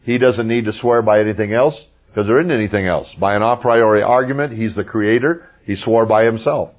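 A man's voice: on the low side, fairly quick. Emphatic man teaching the Bible. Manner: emphatic, folksy asides to listeners. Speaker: preacher. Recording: muffled lo-fi recording.

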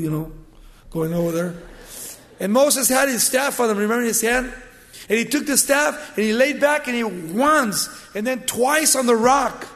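Brief: high-voiced male preacher, dramatic storyteller, recorded in an echoing church hall. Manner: storytelling, dramatic swings from loud to hushed. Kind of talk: sermon. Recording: long hall reverb.

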